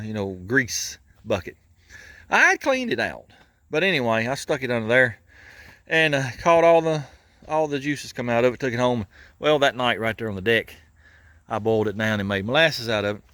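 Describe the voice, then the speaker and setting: A man's voice: mid-range voice, lively intonation, normal speed, pauses often, sharp tone. A man hosting a garage channel, talking folksy and casual while he works, chuckling and grumbling about how things are built.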